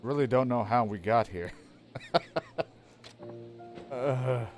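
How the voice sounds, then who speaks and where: A man's voice: mid-range voice, slow pace, long pauses, faint music behind. A man streaming a video game, making offhand and wry comments and swearing casually.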